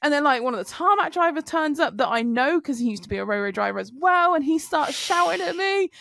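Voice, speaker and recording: A woman on a podcast, telling an animated story with swearing. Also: high-pitched, fast, gravelly, dry recording. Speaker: podcast co-host. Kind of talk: casual chat.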